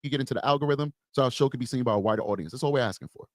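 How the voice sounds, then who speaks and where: A man's voice: medium pitch, rapid-fire, dry recording. A man co-hosting a live true-crime stream, commenting emphatically and repeating his points. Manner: emphatic, repetitive, opinionated.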